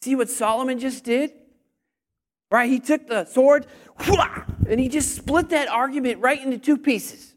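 High-voiced energetic male preacher. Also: normal speed. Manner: energetic, call-and-response, rising to near shouting. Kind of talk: sermon.

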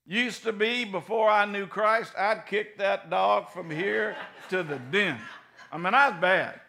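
A middle-aged man preaching a sermon in a folksy, animated way, swinging from loud bursts to soft, low passages. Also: a little slow, creaky. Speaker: pastor.

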